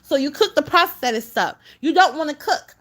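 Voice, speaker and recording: High-voiced woman scolding in casual commentary. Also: animated, a little fast, fairly bright tone. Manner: scolding, exasperated, talks straight at the subject. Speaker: reaction commentator.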